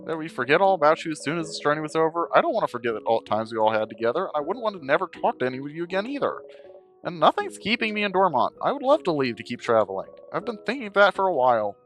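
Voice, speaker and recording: A man's voice: sing-song, racing, fairly bright tone, faint music behind. A man voicing an earnest, upbeat young woman companion from a video game in a raised, light voice. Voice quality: high, light voice. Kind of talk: reading game dialogue aloud.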